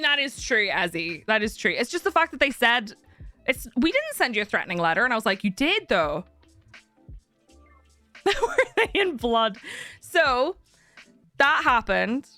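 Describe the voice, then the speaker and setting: A woman streamer chatting casually with viewers, telling a story in an animated way, acting out other people's voices, swearing and laughing often. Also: mid-range voice, dry recording.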